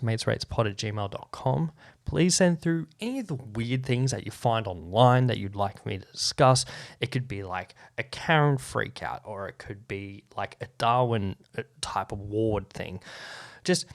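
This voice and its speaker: A young man hosts his own podcast in a relaxed, chatty way, swearing often and laughing at his own remarks. His voice sits fairly low for a man. The sound is close and dry on the microphone. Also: normal speed, no room sound. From Australia. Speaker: podcast host. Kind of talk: casual solo podcast chat.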